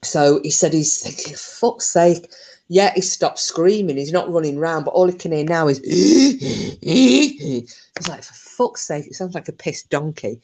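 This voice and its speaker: Low-voiced woman telling a story. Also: lively intonation, normal speed, darkish tone. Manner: chatty, swears freely, laughs often. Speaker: storytelling channel host. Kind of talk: casual retelling of a true story.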